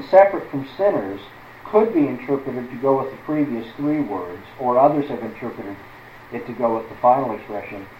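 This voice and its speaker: A man's voice: medium pitch, echoey room, lo-fi sound, slight background noise. A man teaching through a Bible passage as a preacher, stressing words one by one and putting questions to his listeners.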